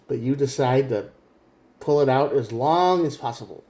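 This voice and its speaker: A man's voice: mid-range voice, normal speed, mellow, reverberant. A man giving a casual spoken tarot reading, earnest and direct, often repeating himself. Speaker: tarot reader.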